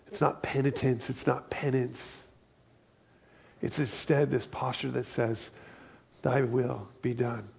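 A man preaching a sermon in a relaxed, conversational way, often voicing the people in his story. His voice is gravelly and a little husky, at a middle pitch. The recording sounds dull and lo-fi. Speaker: pastor.

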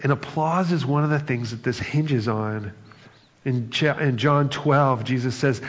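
A man's voice: medium pitch, measured pace. Guy giving a sermon, chatty and funny, echoey hall, kinda muffled. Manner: conversational, acts out quoted lines with bursts of humor. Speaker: pastor. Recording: reverberant hall, dull sound.

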